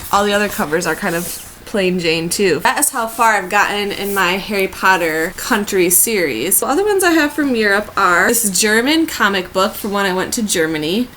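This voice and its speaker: A woman's voice: medium pitch, fairly bright tone, slight background noise, poor audio. Sick young American woman vlogging from bed. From United States. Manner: chatty, gushing. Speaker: book vlogger. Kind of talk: casual vlog chat. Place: in bed at home.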